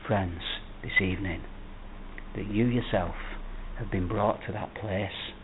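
A man preaching a sermon, emphatic, swinging between loud declarations and hushed words. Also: fairly low pitch, fairly even intonation, measured pace, slight background noise. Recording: tinny phone-like audio.

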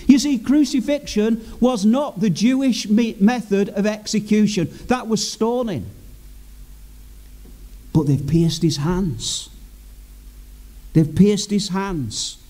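A man's voice: high voice, expressive, slow pace, long pauses, warm tone. A man preaching a sermon in an earnest, emphatic way, repeating key phrases for weight.

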